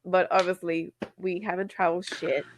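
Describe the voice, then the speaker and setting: A woman's voice: on the low side, level tone, normal speed, slight background noise. A woman co-hosting a podcast in casual chat, blunt and emphatic, swearing casually. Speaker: podcast co-host.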